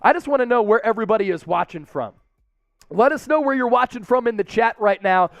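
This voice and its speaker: A man hosting a live-stream football watch party from a studio, upbeat as he reads out viewer shout-outs. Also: very high voice, lively intonation, brisk, dry recording. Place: sports studio.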